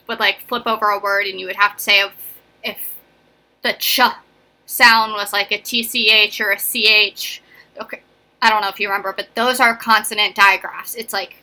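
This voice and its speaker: Bright-voiced chatty woman teacher. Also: mid-range voice. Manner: chatty and encouraging, often checking in with "right?" and "okay?". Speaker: elementary school teacher. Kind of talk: casual classroom video lesson.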